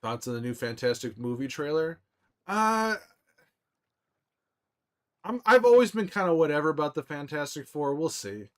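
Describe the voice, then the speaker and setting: A young man chatting casually on a live stream, reading viewers' messages aloud and answering them in a relaxed, rambling way. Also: a little high, normal speed, long pauses.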